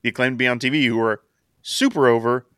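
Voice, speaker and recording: Guy recapping on a podcast, smooth clear voice, dead dry sound. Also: mid-range voice, steady tone, fast, a bit bright, no room sound. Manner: chatty recap, laughing at bits, acting out quotes. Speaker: podcast co-host. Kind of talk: casual wrestling podcast recap.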